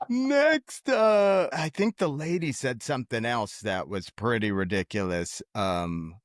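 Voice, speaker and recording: A man's voice: mid-range voice, lively intonation, measured pace, dry recording, clean studio sound. A man co-hosting a casual comedic podcast, laughing often and acting out the people he quotes. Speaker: podcast co-host.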